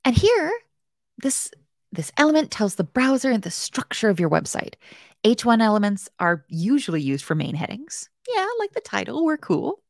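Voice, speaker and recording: With a higher voice, vocal fry and lots of animation, this woman runs a casual live coding tutorial at a moderate pace. As a web development bootcamp host, she chats playfully, teases herself and speaks straight to viewers in the chat, with clean, echo-free studio sound.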